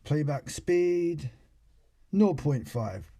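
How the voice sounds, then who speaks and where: A man's voice: a little high, animated, drawn-out words, mellow. A British man casually commentating over a video clip he plays for viewers, talking in a sarcastic way full of rhetorical questions. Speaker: channel host.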